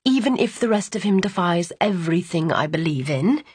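A woman reading as a menacing villainess in a storybook, her voice sickly sweet and light, drawn out slowly as she taunts. The tone is breathy and close, with no room around it. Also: fairly low pitch, animated, darkish tone, no room sound. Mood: sweet taunting. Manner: slow, sugary, taunting.

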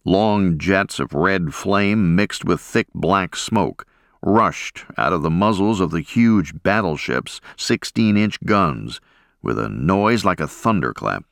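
A man reading a first-person memoir aloud as an audiobook narrator, in a measured, dramatic way. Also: deep voice, animated, gravelly, fairly bright tone, no echo, studio quality.

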